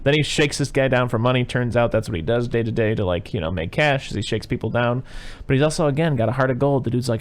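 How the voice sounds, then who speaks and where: A man's voice: mid-range voice, fast. A man hosting a casual movie podcast, rambling through a recap with plenty of fillers. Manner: rambling, many fillers and "you know"s. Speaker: podcast host.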